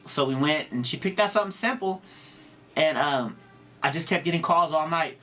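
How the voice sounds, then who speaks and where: A man's voice: on the high side, brisk, sharp tone, soft background music. A man, a radio DJ, telling stories in a casual interview with laid-back street slang.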